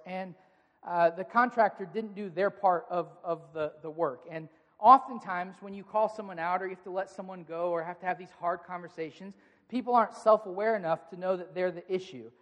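A man preaching a sermon as pastor, speaking to his listeners in an earnest, direct way. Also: high voice. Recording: long reverb of a large hall.

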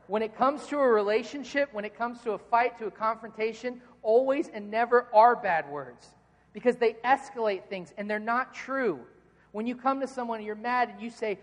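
A man's voice: high voice, moderate pace. A man preaching a sermon in a conversational, joking way, often repeating words as he starts a phrase. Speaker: pastor. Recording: long reverb from a large hall.

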